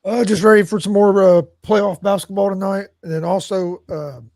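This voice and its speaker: A man co-hosting a sports show, making announcements in a laid-back, halting way with many fillers. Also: high-pitched, fairly even intonation, a little mellow, no echo, studio quality. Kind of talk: casual announcement.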